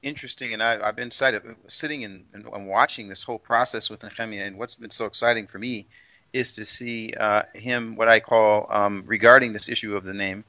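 A man's voice: lowish voice, fairly even intonation, fairly quick, bright, forceful tone, dry recording. A man talking hesitantly in casual podcast chat, with many fillers and restarts. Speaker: co-host. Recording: dry close lo-fi audio.

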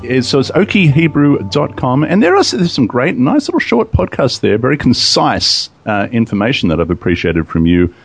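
A man's voice: mid-range voice, sing-song, normal speed, creaky, hardly any pauses, slightly rough, soft background music. A man hosting a podcast in casual, chatty talk, often laughing. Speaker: podcast host.

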